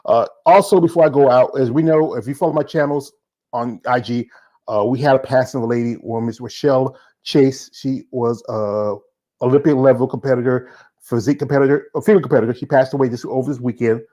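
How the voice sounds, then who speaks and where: A man from the American South with a Southern accent, hosting a casual show and talking fast with lots of fillers and restarts. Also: medium pitch, dark tone. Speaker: show host. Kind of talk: casual solo show wrap-up.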